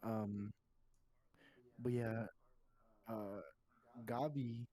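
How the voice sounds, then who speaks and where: A young man co-hosting a casual podcast, telling a rambling, animated story and acting out shouted names. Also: fairly low pitch, drawn-out words, rough recording. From Texas. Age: young adult. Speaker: podcast co-host.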